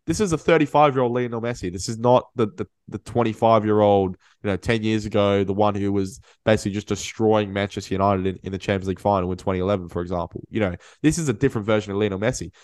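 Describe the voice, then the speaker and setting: A man hosts a casual podcast chat in a low voice, close and dry. He gets animated, tripping over and repeating his words as he pushes his point. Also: fast, hardly any pauses, dry recording. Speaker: podcast host.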